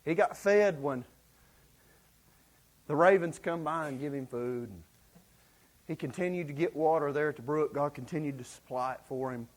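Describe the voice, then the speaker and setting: A man preaching a sermon in a folksy, excitable storytelling way, with many fillers, acting out the lines of the people in the story. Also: on the high side, moderate pace, pauses often.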